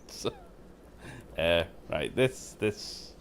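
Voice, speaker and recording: A man's voice: medium pitch, sing-song, normal speed. A man giving casual, joking commentary while playing a game, laughing often and poking fun at himself. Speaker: game streamer host.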